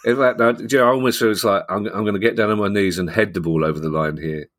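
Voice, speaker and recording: A man's voice: lowish voice, fast talker, a bit bright. A middle-aged man hosting a podcast, reading out listener questions with teasing, jokey banter. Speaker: podcast host. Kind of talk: casual podcast chat.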